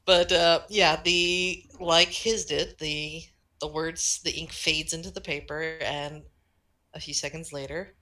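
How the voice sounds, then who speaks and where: Low, bright-voiced woman narrating role-play. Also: slow. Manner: relaxed, filler-heavy, drifts between quiet and loud. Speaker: tabletop role-play player.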